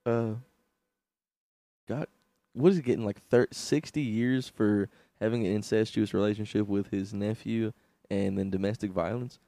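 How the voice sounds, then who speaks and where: A man's voice: lowish voice, steady tone, moderate pace, dark tone, no room sound. A young man co-hosting a podcast, laughing often and bringing up crude news bits in casual chat. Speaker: podcast co-host.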